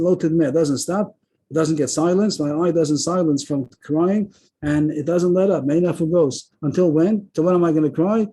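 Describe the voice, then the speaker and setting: A man, teaching a verse-by-verse text class over a video call, thinking aloud frequent pauses and restarts. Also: a little high, mellow.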